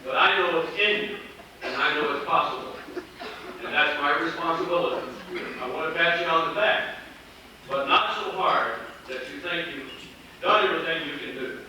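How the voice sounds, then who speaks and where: A man's voice: a little high, normal speed, sharp tone, a little hiss or hum. A middle-aged man giving a motivational speech at a company meeting, a folksy storyteller who mixes jokes with earnest encouragement. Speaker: sales executive speaking at a company meeting. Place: large meeting hall. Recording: echoey hall, heard from a distance.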